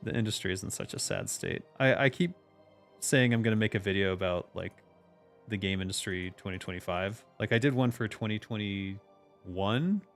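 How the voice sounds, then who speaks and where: Hosting a relaxed stream chat, a game designer rants emphatically and swears a lot. His voice sits on the low side at a normal speed, with soft music behind him.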